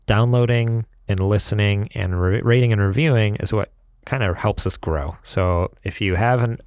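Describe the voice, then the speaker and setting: A man's voice: fairly low pitch, a little mellow, smooth, no echo, clean studio sound. A man from upstate New York co-hosting a podcast, laughing often as he reads the plugs. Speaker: podcast co-host. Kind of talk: casual podcast chat.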